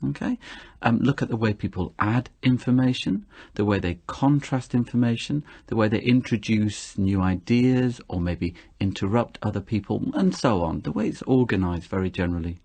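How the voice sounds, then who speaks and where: A man with a British accent giving measured advice on speaking English in a radio conversation. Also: lowish voice, animated, vocal fry, a little mellow, breathy edge. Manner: measured, advising. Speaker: English teaching guest expert.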